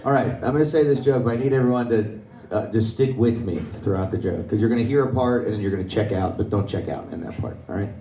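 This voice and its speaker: A young stand-up comic talks quickly, with hardly any pauses, in a warm and lowish voice. He tells his stories conversationally on a club stage and laughs at his own jokes, recorded from a distance in a roomy club.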